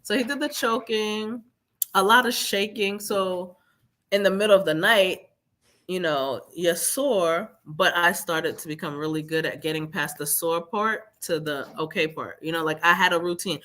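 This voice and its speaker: In a live interview, a woman guest tells her own story with animation, acting out what other people said. Her voice is on the low side and she speaks at a moderate pace.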